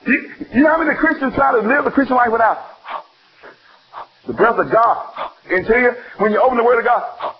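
A man from Alabama, preaching an animated sermon full of questions to his listeners. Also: very high-pitched, brisk, pauses often. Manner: animated, call-and-response, exclaiming. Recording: dull lo-fi sound.

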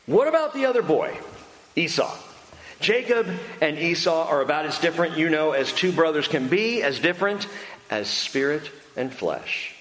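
A male pastor preaching a sermon in an animated, humorous and emphatic way. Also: mid-range voice. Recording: echoey hall with faint noise.

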